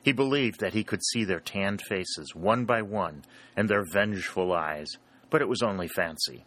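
A male narrator reads a war adventure aloud in a steady, dramatic way. His voice sits fairly low. The tone is bright and pressed, with a forceful edge. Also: normal speed. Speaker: audiobook narrator. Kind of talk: scripted narration.

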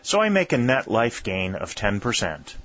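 A man's voice: lowish voice, big pitch swings, moderate pace, a bit bright, dull audio. A man voicing a bookish young schoolteacher turned soldier who speaks in precise, formal, pedantic phrases. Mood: precise, proud.

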